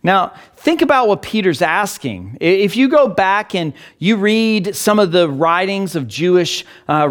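A man preaching a sermon, reading scripture aloud and explaining it in an earnest, expressive way. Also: high-pitched. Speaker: pastor.

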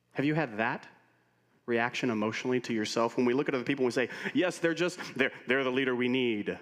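A man preaching as a pastor, telling stories with humor in an animated way. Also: lowish voice. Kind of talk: sermon. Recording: long reverb of a large hall.

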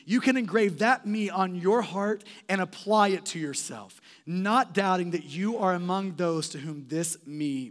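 Emphatic male pastor, high voice. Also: long reverb tail. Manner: impassioned, emphatic, slows on key words. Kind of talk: sermon.

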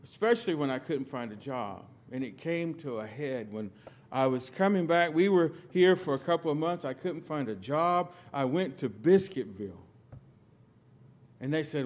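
A middle-aged man from the United States preaching a sermon, telling stories with sudden loud emphatic bursts and quiet asides. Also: on the high side, expressive, moderate pace. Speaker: pastor.

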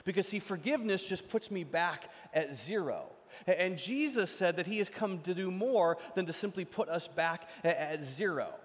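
Dramatic preacher in an echoing hall. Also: male voice, sits high, lively intonation, normal speed. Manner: dramatic retelling, shifts from loud to hushed. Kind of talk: sermon storytelling. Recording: long echo from a large hall.

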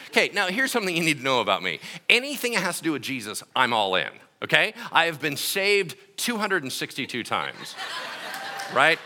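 A middle-aged male pastor telling a personal story in a sermon, animated, acting out quotes with shouts and laughter. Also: medium pitch, brisk.

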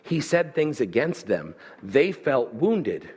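Animated husky male preacher. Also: mid-range voice, slow pace. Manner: animated preaching, voicing listener objections. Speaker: pastor. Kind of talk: sermon.

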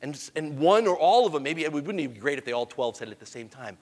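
A man preaches a sermon in a fairly high voice, telling the story with lively, animated emphasis. He drops to hushed asides, then builds back up. His voice rings with long reverb, as if from a large hall. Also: fast talker.

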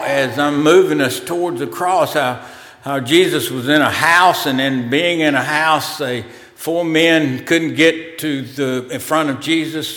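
A man preaching a sermon as pastor, in a slow, conversational way with pauses and fillers, in a church sanctuary. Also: fairly high pitch, fairly bright tone. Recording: roomy hall reverb.

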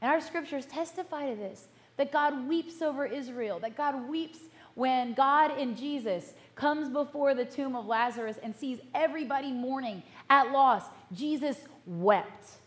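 A middle-aged woman pastor giving a sermon in an earnest, measured way, slowing down to stress key words. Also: high-pitched. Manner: earnest, measured, slows for emphasis.

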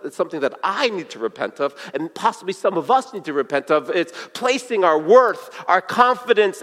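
A man with a fairly high voice delivers a sermon in an earnest, storytelling way. He slows down and lowers his voice to a hush on the key points. His words ring out with the long reverb of a big hall. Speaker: pastor.

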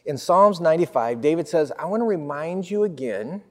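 A man in his fifties, a pastor, telling a personal story in a sermon with lively swings of energy. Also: a little high, moderate pace, long reverb tail.

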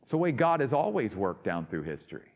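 A man preaching a sermon, rising to loud emphatic peaks and dropping to quiet asides. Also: medium pitch, big pitch swings, a little fast. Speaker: pastor. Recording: long hall reverb.

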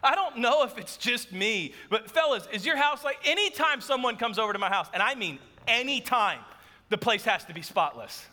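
A man preaching a sermon to a church, telling a lively story about his home. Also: very high-pitched, moderate pace, big-room sound. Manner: animated storytelling, acts out his wife's voice. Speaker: pastor. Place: church auditorium.

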